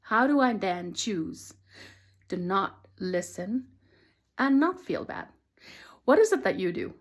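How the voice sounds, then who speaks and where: Gentle, earnest woman teacher. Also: medium pitch, very animated, takes it slowly. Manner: earnest and gentle, speaks affirmations softly. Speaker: transformational teacher. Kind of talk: reflective spoken monologue.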